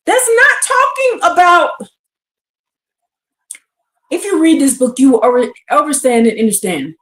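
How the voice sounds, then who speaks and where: A woman teaching scripture on a live stream, reading verses aloud and firing questions at her listeners with excitement. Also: high voice, a little slow. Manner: animated and exclamatory, reads verses then asks the audience questions. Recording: echoey room.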